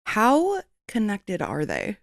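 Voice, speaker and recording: A woman's voice: medium pitch, wildly swooping pitch, slow, creaky, dry recording, clean studio sound. A woman co-hosting a casual podcast, teasing and swearing freely. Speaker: podcast co-host.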